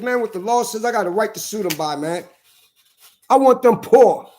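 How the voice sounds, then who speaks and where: A man in a furious, profane rant, repeating himself and shouting at times. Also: very high voice, a little fast. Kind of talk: angry profane rant to camera.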